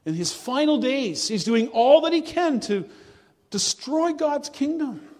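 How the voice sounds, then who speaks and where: A man delivers a sermon in a slow, measured way, leaning on key words. His voice sits high for a man. The church around him carries a long, ringing reverb. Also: animated, a little mellow. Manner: earnest, measured preaching with slow, drawn-out emphasis. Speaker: pastor.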